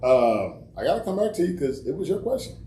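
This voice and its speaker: Lively, rather high-voiced male host. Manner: loud, laughing, quick to jump in. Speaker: podcast host. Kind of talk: casual comedic chat. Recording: roomy sound, mic at a distance.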